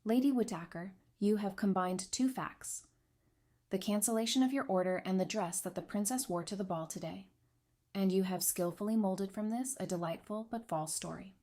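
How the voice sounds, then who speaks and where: A woman's voice: medium pitch, moderate pace, dark tone, lightly acted. A woman reading the lines of a cold, stern young male duke in a storybook recap, in a clipped, accusing manner.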